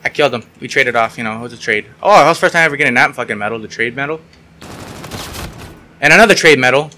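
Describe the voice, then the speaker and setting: Young man, gameplay commentary, sarcastic, cursing, yelps, crisp bright tone. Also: mid-range voice, fast talker, a little hiss or hum. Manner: sarcastic, swears often, yelps when frustrated. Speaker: gaming YouTuber.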